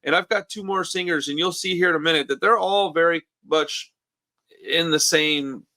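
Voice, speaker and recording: A man's voice: fairly high pitch, normal speed, bright, forceful tone. A man co-hosting a music podcast in casual chat over a remote call, talking enthusiastically and calling his partner dude and bro. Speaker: podcast co-host. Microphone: remote call mic.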